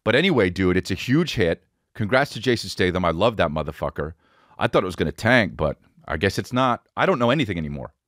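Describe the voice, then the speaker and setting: Deep-voiced, rambling comedian in his forties. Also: sing-song, fast talker, a bit bright, dry recording, studio quality. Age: 40s. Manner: rambling, profane, self-mocking. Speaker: comedian podcast host. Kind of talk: casual comedic monologue. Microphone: studio podcast mic.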